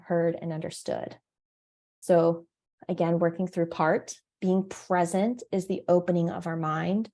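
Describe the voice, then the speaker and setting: A woman's voice: on the low side, dark tone. Woman, parent coach, podcast host, reflective, giggly, acts out dialogues. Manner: reflective, laughs at her own examples, acts out little dialogues in a raised voice. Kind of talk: solo podcast teaching.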